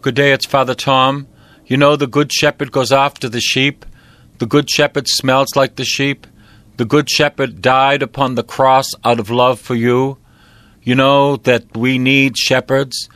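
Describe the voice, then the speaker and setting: A middle-aged priest preaching a sermon, emphatic and repetitive, with a preacher's cadence. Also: male voice, mid-range voice, fairly bright tone, no echo.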